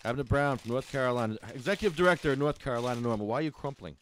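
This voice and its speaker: A man's voice: mid-range voice, very fast, a little hiss or hum. A man co-hosting and engineering a podcast, talking in casual banter with a frazzled, exasperated tone. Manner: frazzled, exasperated, whiny complaints.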